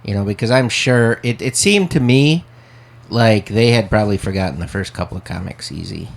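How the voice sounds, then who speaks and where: A man co-hosting a podcast, who also hosts open mics, talking in a rambling, halting way. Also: on the low side, gravelly. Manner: rambling, halting, restarts often. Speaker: podcast co-host and open mic host. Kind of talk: casual podcast chat.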